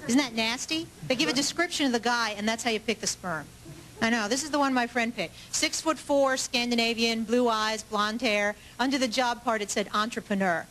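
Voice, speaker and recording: A woman doing a stand-up comedy set on a club stage, chatty and self-mocking, with quick asides to the crowd. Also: a little high. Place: comedy club stage before a live audience. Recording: live club with loud audience laughter and noise.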